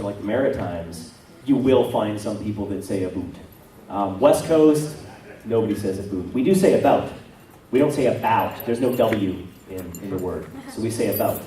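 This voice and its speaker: Canadian guy rambling at a con panel, warm low-key voice, far off the mic in a big echoey room. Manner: chatty, self-deprecating, rambling with many asides. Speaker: voice actor panel guest. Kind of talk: convention panel Q&A. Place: convention hall panel.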